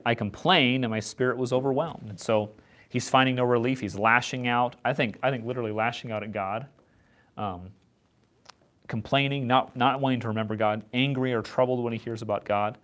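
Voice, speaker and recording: A man leading an informal Bible study, talking in a halting way and often repeating words as he restarts his sentences. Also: medium pitch, fairly bright tone. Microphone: set up far from the speakers.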